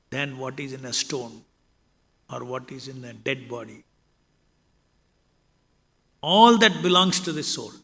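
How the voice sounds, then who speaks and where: A man giving a scripture lecture in a measured way, reciting Sanskrit verses between his explanations. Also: medium pitch, vocal fry, bright, forceful tone. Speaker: spiritual lecturer. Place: temple lecture hall. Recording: long reverb of a hall.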